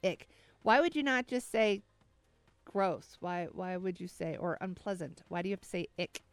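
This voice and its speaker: A woman's voice: on the low side, normal speed, clean tone, dry recording. A woman co-hosting a morning radio show, chatting casually and reacting with playful indignation. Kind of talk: casual on-air banter. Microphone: studio microphone. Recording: dry studio sound.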